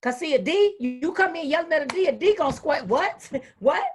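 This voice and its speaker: High-voiced, lively woman educator speaking. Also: fast, music in the background. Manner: animated, folksy, acts out quoted voices. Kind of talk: motivational talk.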